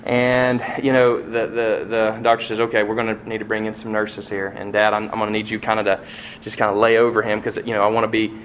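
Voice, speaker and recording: A middle-aged man preaching a sermon as pastor, telling a family story and acting out the voices in it, with sharp swings from soft to loud. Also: lowish voice, monotone, brisk, a little hiss or hum. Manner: storytelling with vivid acted-out quotes and swings in loudness.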